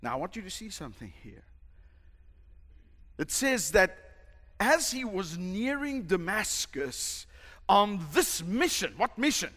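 A male pastor preaching a sermon, emphatic and dramatic, shouting at the peaks. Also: sits high, very animated, unhurried, long pauses. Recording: long hall reverb.

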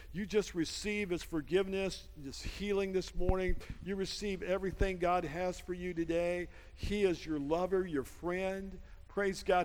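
Male pastor, high-pitched, fervent sermon delivery full of amens, church reverb with soft music behind. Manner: fervent preaching with frequent amens and call-and-response. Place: church sanctuary during a service.

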